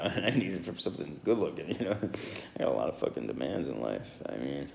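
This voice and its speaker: Low-voiced man, rambling solo podcaster, lots of ums and restarts, lively swooping delivery, roomy echo. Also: fairly quick, vocal fry, a little hiss or hum. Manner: rambling, many fillers and restarts, chuckles.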